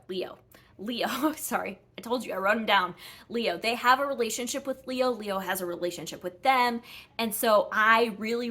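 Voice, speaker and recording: A woman's voice: medium pitch, fairly bright tone. A woman chatting casually through her monthly book reviews, rambling with frequent ums and self-corrections. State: a little out of breath.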